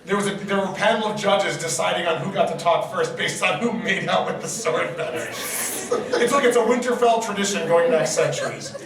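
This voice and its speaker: A man's voice: sits high, expressive, brisk. Male panel host, wry dry comments, crowd audible, echoey convention room. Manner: dry, wry asides, frequent laughter. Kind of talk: live comedic reading. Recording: distant mic, echoey convention hall, audience.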